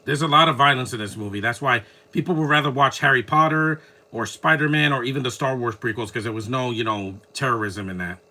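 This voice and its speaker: A man's voice: medium pitch, quick pace, bright, forceful tone. A man giving casual, opinionated commentary while watching a film, rambling and restarting his sentences.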